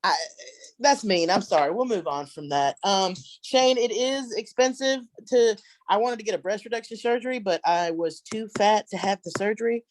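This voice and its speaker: A woman's voice: medium pitch, normal speed, no echo. A middle-aged woman doing a brash, profane, rambling stand-up set. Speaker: headlining comedian. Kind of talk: stand-up set on a video call.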